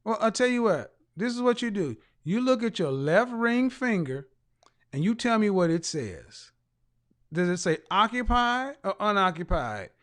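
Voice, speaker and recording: A man's voice: high-pitched, big pitch swings, measured pace. A man hosting a casual livestream, reading out viewer comments in a mocking, teasing way. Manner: bursts of loud laughter. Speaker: live show host reading viewer comments.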